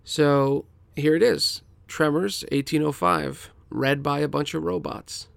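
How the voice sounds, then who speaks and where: Gravelly man with a dry close sound. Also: on the high side, fairly even intonation, measured pace, no room sound. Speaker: creator of the audio drama. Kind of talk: casual intro to listeners.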